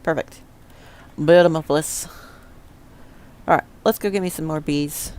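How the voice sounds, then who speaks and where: A woman's voice: sits low, measured pace, a little mellow. A woman streamer chatting to herself as she plays, casual and prone to swearing under her breath. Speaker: game streamer. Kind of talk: casual gameplay commentary.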